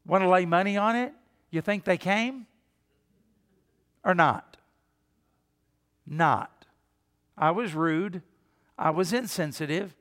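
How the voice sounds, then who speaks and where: Older male pastor, high voice, reverberant hall. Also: fairly bright tone. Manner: conversational preaching with asked questions and mock voices. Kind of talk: sermon. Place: church sanctuary.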